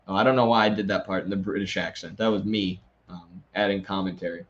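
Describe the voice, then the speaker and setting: A man's voice: low-pitched, fairly even intonation, quick pace, few pauses, highs cut off. A man who hosts the show, reading an article aloud and breaking in with sarcastic, mocking asides. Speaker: host.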